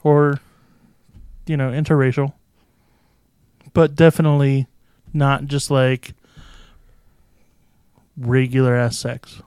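Male co-host, playful and deadpan, crisp tone, dry close mic. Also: mid-range voice, slow, long pauses, no room sound. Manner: playful, deadpan joking wordplay. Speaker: podcast co-host. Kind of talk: casual chat about movies.

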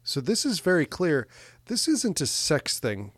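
A man's voice: on the high side, wildly swooping pitch, measured pace, a bit bright, no room sound. A man co-hosting a podcast, recapping a film plot in a rambling, hesitant casual chat. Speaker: podcast co-host. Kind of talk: casual movie discussion.

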